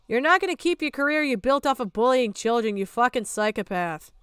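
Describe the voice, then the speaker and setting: A woman's voice: on the high side, expressive, a little fast, hardly any pauses, smooth, no room sound, clean studio sound. A woman streamer giving a ranting reaction commentary, exasperated, sarcastic and full of swearing.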